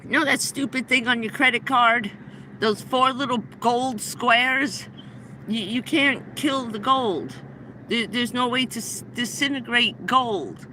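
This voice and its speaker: A middle-aged woman with a bright, clear voice spins a long story on her livestream, stumbling and restarting as she goes. A faint vehicle hum runs underneath. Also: fairly high pitch, low-quality recording. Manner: rambling, breathless anecdote with many restarts. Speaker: livestream host. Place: inside a vehicle.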